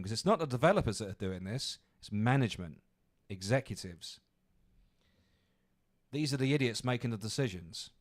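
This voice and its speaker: A man hosting a podcast, ranting angrily with lots of swearing. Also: medium pitch. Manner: angry, profane ranting. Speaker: podcast host. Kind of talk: ranting commentary.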